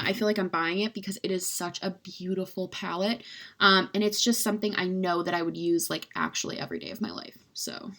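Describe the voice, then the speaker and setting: A woman's voice: mid-range voice, fairly bright tone. A young adult woman chatting casually as a beauty vlogger, rambling and gushing with lots of "like", poking fun at herself. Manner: rambling, chatty, heavy use of "like"; gushing, self-mocking. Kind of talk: casual chat.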